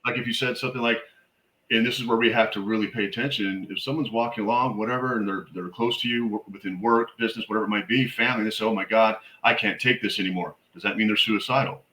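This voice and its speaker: A man's voice: on the low side, steady tone, quick pace, bright, forceful tone, roomy sound, poor audio. A middle-aged man, a military veteran and suicide prevention educator, telling stories in a blunt, emphatic way as an interview guest. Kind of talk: conversational podcast interview.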